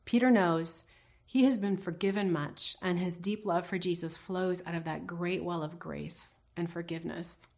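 A woman's voice: fairly low pitch, steady tone, normal speed, vocal fry, darkish tone. A woman teaching a devotional Bible lesson in an earnest, reflective way, putting questions to her listeners.

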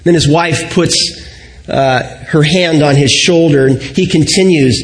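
A middle-aged male pastor delivering a sermon in a high-pitched voice. He tells his stories reflectively, easing down and going quieter when he lands his main points. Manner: reflective storytelling, slowing and softening on key points.

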